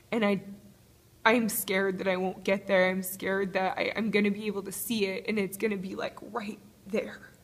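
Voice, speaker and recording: A woman recording a confessional video diary on a phone held to her face in a small gym, tearful and halting, laughing nervously through her words. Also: medium pitch. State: tearful, crying. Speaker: vlogger. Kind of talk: emotional personal video diary. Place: small apartment-complex gym, indoors.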